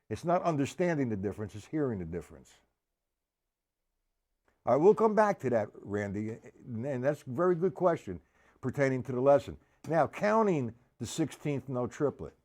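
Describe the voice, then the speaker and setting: A man's voice: mid-range voice, sing-song, moderate pace. A man teaching a live-streamed drum lesson, explaining patiently, calling viewers by name and counting beats aloud. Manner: counts loudly over his own drumming. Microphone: live stream setup. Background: drums playing.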